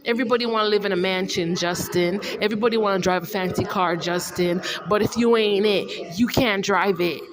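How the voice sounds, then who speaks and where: A woman's voice: medium pitch, fairly quick, hardly any pauses, noisy background. A woman delivering an indignant, repetitive, confrontational monologue as a vlogger. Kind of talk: rambling monologue to camera.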